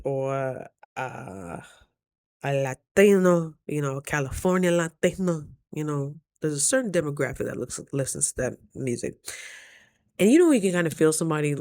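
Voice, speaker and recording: Low-voiced woman telling stories on her vlog, sassy and animated, close and dry. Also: no echo. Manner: animated storytelling with playful sass; swoops high when quoting herself. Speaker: vlogger. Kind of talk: casual talk to camera.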